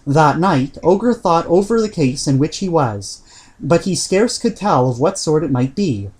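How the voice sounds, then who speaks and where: Audiobook narrator: a man with a slightly high voice, measured reading of old prose. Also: expressive, darkish tone. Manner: measured reading with occasional slips and throat-clearing. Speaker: reader.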